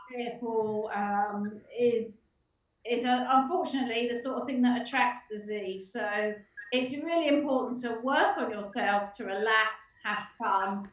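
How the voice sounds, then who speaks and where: A woman chatting casually on a video call, laughing often and pausing with many ums. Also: a little high, fairly bright tone. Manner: giggly, hesitant with many ums. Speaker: call participant. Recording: roomy distant video call audio with background noise.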